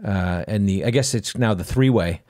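A man's voice: on the low side, moderate pace, a little mellow. A man co-hosting a casual behind-the-scenes podcast, talking in easygoing, jokey banter. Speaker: co-host. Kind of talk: casual chat.

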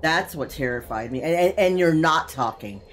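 A woman streamer talks with her gaming friends in an excitable, loose way, cursing freely and breaking into laughter often. Her voice sits a little low for a woman. A faint hiss of noise runs underneath. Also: normal speed. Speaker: game streamer. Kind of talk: casual gaming voice chat.

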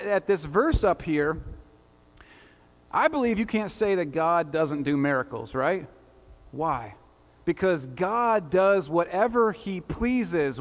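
Man preaching in a reverberant church. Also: high voice. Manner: conversational preaching with rhetorical asides. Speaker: pastor. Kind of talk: sermon. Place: church sanctuary.

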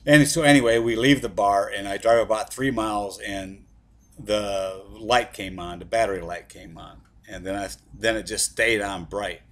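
A man's voice: fairly low pitch, fairly even intonation, normal speed. A middle-aged man telling a comic story about his past in a rambling, profane way, full of asides.

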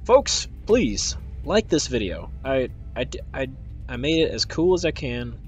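A man's voice: medium pitch, sing-song, a little slow, muffled recording, faint music behind. A man hosting a video game playthrough, talking casually in a goofy, rambling way with mock-grand announcements. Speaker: let's play host. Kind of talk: casual gameplay commentary.

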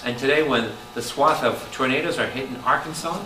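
This male priest teaching Bible study preaches lively to his congregation in a medium-pitched voice, fairly quickly, throwing questions out to the room. The recording was taped from a distance in a roomy hall and carries noise.

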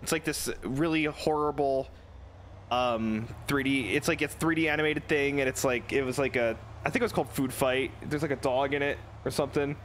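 A man's voice: mid-range voice, fairly even intonation, brisk, a bit bright, slight background noise. A man streaming a video game with casual, joking commentary and frequent swearing.

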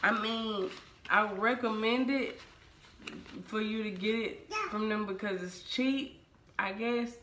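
Sassy chatty woman with a bright voice. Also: medium pitch, slow, roomy sound, a little hiss or hum. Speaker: vlogger reviewing a wig-making canvas head. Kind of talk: casual chat to camera.

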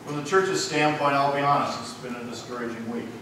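A man's voice: medium pitch, brisk, fairly bright tone, a little hiss or hum. A man preaching an emphatic sermon as pastor in a church, often repeating his key phrases. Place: church sanctuary. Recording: echoey church heard from far off.

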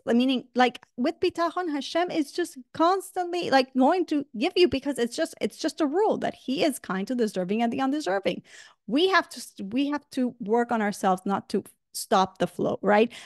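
Animated woman teaching a Torah class. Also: sits high, no echo, studio quality. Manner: animated, many rhetorical "right?" asides. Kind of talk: religious lesson.

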